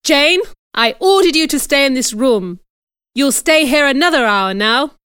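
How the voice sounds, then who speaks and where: A woman's voice: high voice, expressive, unhurried, a bit bright, no echo, studio quality, pitched above the performer's own voice. A woman voicing a stern, cold middle-aged aunt who gives orders in a storybook reading. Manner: cold and commanding.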